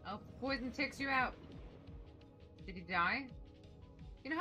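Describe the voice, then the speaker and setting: Woman, young adult, bright crisp voice, casual game commentary, faint music behind. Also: fairly high pitch, normal speed, pauses often. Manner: animated, shrieks when excited, drops soft when focused. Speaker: streamer playing a video game. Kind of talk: casual let's-play commentary chatting with chat.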